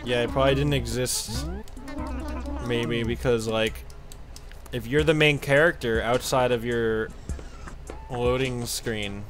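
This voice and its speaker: A young man giving casual, profane commentary while streaming a game, with frequent loud outbursts. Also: medium pitch, fairly even intonation, slow, pauses often, over music. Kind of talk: casual live gameplay commentary.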